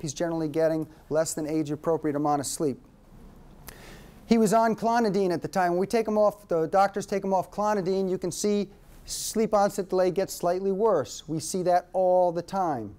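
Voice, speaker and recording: Man, workshop presenter, lecture to a room, animated, emphatic. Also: high-pitched. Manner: animated storyteller, repeats points for emphasis.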